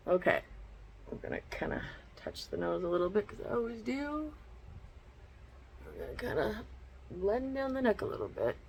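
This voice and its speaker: A woman's voice: mid-range voice, big pitch swings, measured pace, creaky, long pauses, darkish tone, a little hiss or hum, poor audio. A woman chatting bluntly in a casual makeup vlog at home, swearing freely as she talks through each step. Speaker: beauty vlogger. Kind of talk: casual get-ready-with-me chat. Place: her bedroom at home.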